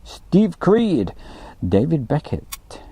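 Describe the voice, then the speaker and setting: A man's voice: a little high, huge pitch swings, extremely slow, mellow, slightly rough. A man hosting a casual live stream from outdoors by an airfield, chatty and joking as he reads out viewer messages.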